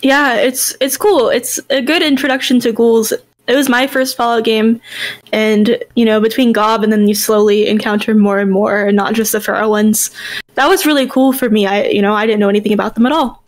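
A woman's voice: fairly high pitch, steady tone, fairly quick. A woman co-hosting a podcast, chatting enthusiastically about game lore. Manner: chatty and enthusiastic, laughs easily. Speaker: podcast co-host.

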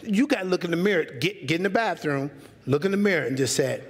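A pastor preaches to his congregation with a high, swooping voice, swinging from soaring highs to low, quiet asides. He jokes and calls out to the people in the pews, and his voice rings out into a long reverb in the church sanctuary. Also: fast, slight background noise. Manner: animated, humorous, talks straight to the congregation. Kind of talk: sermon.

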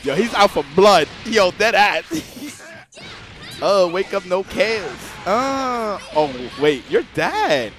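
A young man commentating a fighting game live, excitable and joking with chat, swearing freely. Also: high voice, takes it slowly, soft background music.

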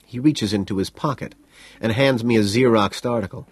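Man, audiobook narrator, low husky voice, even understated reading, dry close mic. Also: moderate pace, dry recording. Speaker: audiobook reader.

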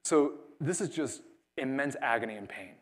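A man pastor, preaching a sermon in a conversational way and dropping to a hush for quoted words. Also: mid-range voice, lively intonation, moderate pace. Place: church.

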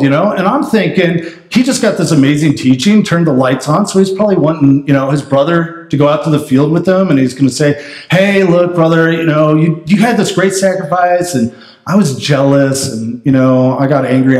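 High-voiced pastor preaching in a roomy church. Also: male voice, a little mellow. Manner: conversational preaching, asks the congregation "right?". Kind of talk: sermon. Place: church sanctuary.

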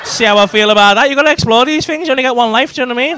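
A man's voice: very high-pitched, rapid-fire, sharp tone, slight background noise. A man doing crude, teasing crowd work as a stand-up comedian on a comedy club stage. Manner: brash, crude, teasing banter with constant swearing.

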